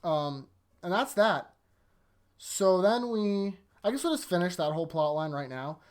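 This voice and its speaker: A host casually recapping anime episodes, chatty and laughing often, acting out quick character lines while retelling scenes. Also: medium pitch, sing-song. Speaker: anime rewatch reviewer.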